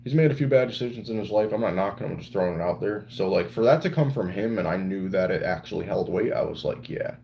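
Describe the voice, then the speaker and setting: A young man streaming live and talking to his chat in a loose, rambling way. His voice sits a little low and has a warm, mellow tone. He swears freely as he talks. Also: animated, fast, creaky, hardly any pauses. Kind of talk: casual livestream chat with viewers.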